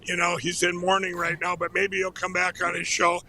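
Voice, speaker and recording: Regular show guest, male: bright high voice, rambling and jovial. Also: completely flat delivery, normal speed. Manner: rambling, filler-heavy, jovial. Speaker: show founder calling in. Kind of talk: casual chat.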